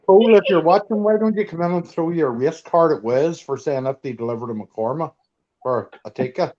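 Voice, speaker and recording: A man's voice: medium pitch, lively intonation, normal speed, a little mellow. A man co-hosting a casual livestream chat, joking bluntly and swearing freely. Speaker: co-host. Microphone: video call. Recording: dull lo-fi stream audio.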